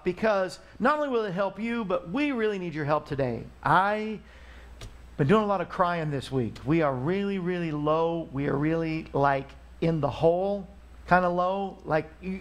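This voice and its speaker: Male host, chatty and rambling, slightly high-pitched, live talk show. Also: normal speed. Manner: chatty, rambling, pleading for donations. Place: Missouri studio.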